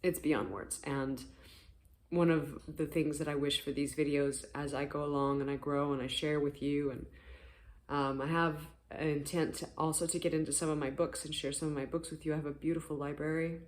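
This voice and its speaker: Spiritual vlogger doing a morning chat to camera, soft and earnest, kinda rambly, voice still a bit rough from sleep, mid pitch. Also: flat delivery, normal speed. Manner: gentle, earnest and encouraging, rambling at times. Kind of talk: casual morning talk to camera.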